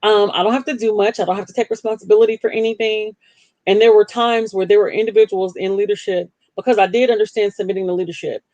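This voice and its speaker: A woman's voice: fairly even intonation, quick pace, dark tone, no room sound, muffled recording. Earnest woman hosting a live broadcast. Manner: earnest and self-deprecating, jumps up in pitch to act out her past self. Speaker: livestream host. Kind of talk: candid personal talk on a live broadcast.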